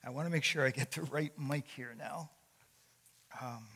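An older man preaches in a conversational storytelling tone, with lots of small fillers and restarts. His voice is bright and forceful. It rings with the long echo of a large church hall. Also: mid-range voice, normal speed, gravelly, pauses often, breathy edge. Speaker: guest speaker. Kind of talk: sermon. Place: church sanctuary.

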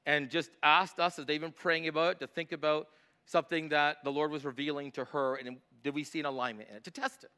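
A middle-aged male pastor preaching a sermon, emphatic on scripture and quieter when telling personal stories. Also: on the high side, little pitch movement, fast talker.

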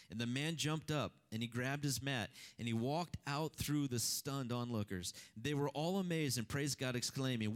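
A man preaching a sermon, reading scripture and then talking in a conversational, animated way with rhetorical questions to the congregation. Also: mid-range voice, fairly quick, hardly any pauses. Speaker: pastor.

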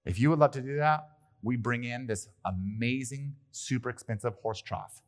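A male pastor preaching a sermon in a church, talking in a lively, conversational way with playful asides. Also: mid-range voice, normal speed. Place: church hall.

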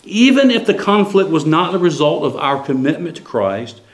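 A man's voice: a little high, sing-song, moderate pace, roomy sound. A middle-aged man, a pastor preaching a sermon and telling a personal story in a loose, conversational way with restarts. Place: church sanctuary.

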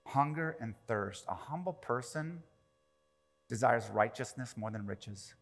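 A man preaching a sermon as pastor, animated, swinging from quiet to loud and acting out quoted prayers. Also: medium pitch, a little slow, creaky. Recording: long reverb of a large hall.

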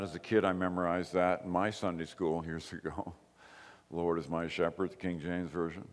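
A man preaching a sermon as pastor, slow and emphatic, with repeated short phrases. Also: fairly low pitch, long reverb tail. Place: church.

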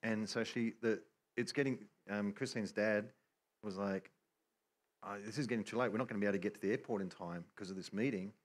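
Low-voiced man prompting the story. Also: a little fast. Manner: prompting and correcting the speaker. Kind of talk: casual interjections in a church service.

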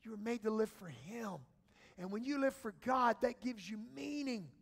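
A man preaching a sermon as pastor, moving from quiet, slow passages to shouted calls to the congregation. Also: very high-pitched, vocal fry.

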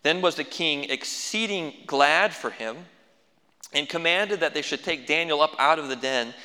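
A man's voice: on the high side, a little slow, bright, forceful tone, long reverb tail. A man preaching a sermon as pastor, folksy with dry humorous asides.

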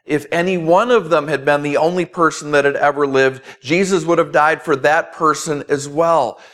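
A man's voice: fairly high pitch, a bit bright. Earnest male pastor preaching emphatically. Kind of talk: sermon.

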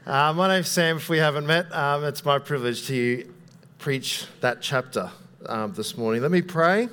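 A man's voice: on the high side, normal speed, sharp tone, clear, resonant tone. A young man preaching a sermon in a casual, conversational way, with frequent fillers and self-deprecating asides.

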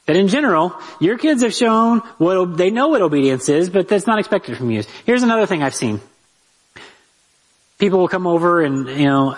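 Male Bible teacher, husky and a bit high-pitched, lively and direct with listeners. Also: moderate pace, low-quality recording. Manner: lively, talks straight to the listeners with rhetorical asides. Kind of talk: conversational Bible lesson.

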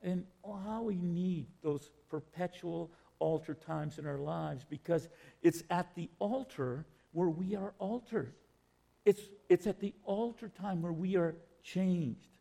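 A man delivering a sermon, his voice set fairly high and roughened by a gravelly fry. He speaks slowly and deliberately, circling back to repeat his phrases. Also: mellow. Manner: slow, measured, repeats phrases. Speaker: preacher.

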